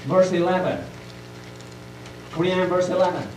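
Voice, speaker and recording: A man preaching a sermon in a church, moving between a full voice and hushed, near-whispered lines. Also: high voice, steady tone, normal speed. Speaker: pastor. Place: church sanctuary. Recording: echoey church audio taped from a distance, faint hum.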